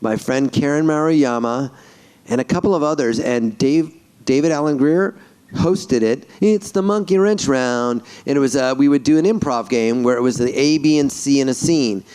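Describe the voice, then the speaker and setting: A man, a voice actor on a convention panel, telling animated stories and jumping into character voices mid-story. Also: mid-range voice, moderate pace, smooth.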